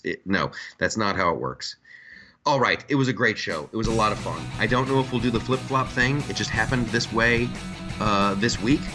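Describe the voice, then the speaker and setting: Male podcast host, casual ranting chat, lower pitch, bright forceful tone. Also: moderate pace, faint music behind. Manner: joking, ranting, animated asides.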